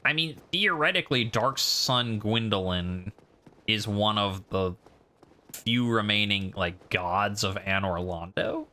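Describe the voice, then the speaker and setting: A male game streamer talks through his playthrough in a casual, rambling way, often stopping himself and poking fun at his own stumbles over words. His voice is bright and forceful, set a little low for a man. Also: takes it slowly. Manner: rambling, self-deprecating. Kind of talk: casual gameplay commentary.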